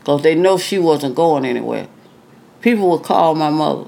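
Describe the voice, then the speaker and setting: A woman's voice: low voice, normal speed, gravelly, warm tone. An older woman, a retired singer, chatting in an interview and acting out voices from her stories, sprinkling in "you know". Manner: chatty, acts out quoted dialogue, frequent "you know". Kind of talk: casual storytelling interview.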